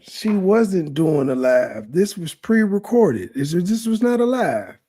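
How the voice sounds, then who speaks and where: A man's voice: high-pitched, sing-song, measured pace, mellow. A man hosting a profane reaction commentary, talking in a blunt, mocking, insulting way. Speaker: commentary host.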